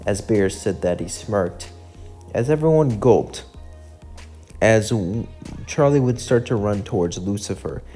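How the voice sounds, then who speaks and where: Brief: plain male storyteller, low voice, soft music under. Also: lively intonation, measured pace. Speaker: narrator. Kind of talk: casual narrated fan story.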